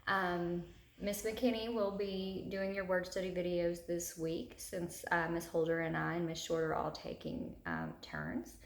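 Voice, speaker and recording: A woman's voice: fairly low pitch, animated. A woman teacher giving a recorded lesson to young children, patient and guiding them step by step. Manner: slow, patient, talks learners through each step. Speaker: third grade teacher. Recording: echoey room.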